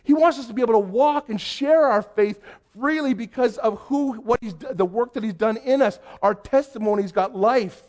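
A Canadian youth pastor telling a story in a sermon, acting out the voices of the people in it. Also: male voice, very high voice, normal speed, hardly any pauses. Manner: animated storyteller, acts out quoted voices.

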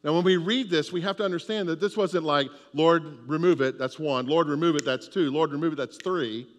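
A man's voice: fairly high pitch, a little fast, in a large hall. A man preaching a sermon with an emphatic, repetitive cadence. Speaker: pastor.

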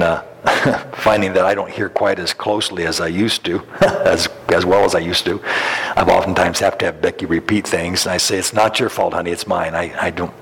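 A man's voice: deep voice, gravelly, fairly bright tone, slightly rough. A middle-aged man preaching a sermon, telling folksy stories with chuckles and frequent restarts. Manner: folksy, chuckles through anecdotes, many restarts. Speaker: pastor. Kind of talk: sermon with storytelling. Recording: long hall reverb.

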